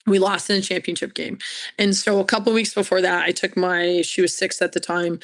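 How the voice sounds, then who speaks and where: Chatty woman coach with a creaky edge. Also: lowish voice, flat delivery, fairly quick, a bit bright. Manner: chatty, storytelling. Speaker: college hockey coach. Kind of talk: candid interview conversation.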